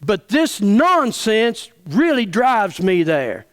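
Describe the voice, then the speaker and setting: A middle-aged pastor, preaching an angry, folksy sermon full of stammered restarts. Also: male voice, high-pitched, big pitch swings, takes it slowly, a bit bright. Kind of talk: fiery sermon.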